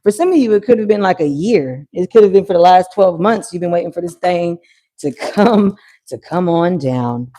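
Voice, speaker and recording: A woman hosting a live tarot reading, talking in an animated, slangy way with swearing and bursts of laughter. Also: on the low side, normal speed. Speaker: tarot reader. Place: at home near a pool, kids heard.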